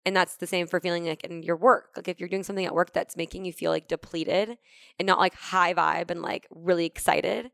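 A woman's voice: lowish voice, fairly even intonation, brisk, vocal fry, fairly bright tone, dry recording, clean studio sound. A woman talking reflectively in a casual podcast chat, filling her speech with "like". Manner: reflective, lots of "like".

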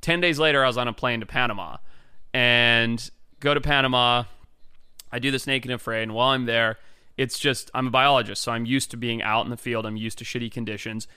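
A man from Africa tells his stories as an interview guest, loose and animated, sprinkling "like" everywhere and jumping into other people's voices. His voice is bright and smooth, with clear, crisp diction. It is recorded dry on a close mic. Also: medium pitch, fairly quick, no echo. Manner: animated, loose and chatty with many "like"s, acts out other people's lines. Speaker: interview guest, wildlife biologist. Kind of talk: casual storytelling.

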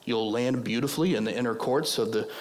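A hoarse man acting out a sly male devil who pushes and coaxes, in a sermon. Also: medium pitch, fairly quick, pitched below the performer's own voice, natural voice. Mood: coaxing. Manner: coaxing, pushy. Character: sly male devil tempting with smooth persuasion.

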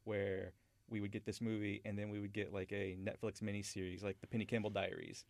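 A man's voice: on the low side, level tone, fairly quick, creaky, darkish tone, dry recording. A man hosting a podcast, talking through a film he loves in a rambling, enthusiastic way with many restarts. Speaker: podcast host. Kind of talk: casual film discussion.

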